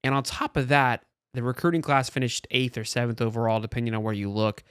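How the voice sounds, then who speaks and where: A man with a mid-range voice hosting a sports talk show. He talks quickly and with energy, often restarting his sentences. His voice is recorded close and dry. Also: mid-range voice, clean tone, no echo. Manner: animated, talks fast with restarts.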